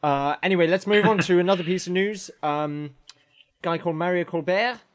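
Higher-voiced joking male podcast host. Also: brisk. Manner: joking, animated, stumbling restarts. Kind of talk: casual podcast chat.

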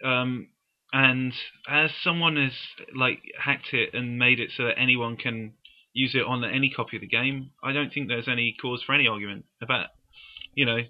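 A man co-hosting a casual podcast, reasoning things through with dry, deadpan quips. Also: mid-range voice, normal speed, dull audio. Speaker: podcast co-host.

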